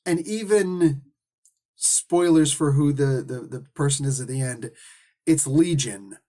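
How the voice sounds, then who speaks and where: A man giving a casual, rambling comic book review, full of restarts, asides and quick put-on voices for the characters. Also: medium pitch, mellow. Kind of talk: casual solo review monologue.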